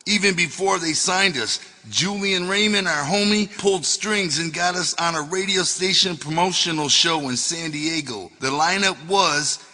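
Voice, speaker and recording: A man's voice: a little high, normal speed, few pauses, sharp tone, in a large hall. Profane man reading his own memoir. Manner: profane, wisecracking storytelling. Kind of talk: audiobook narration of memoir.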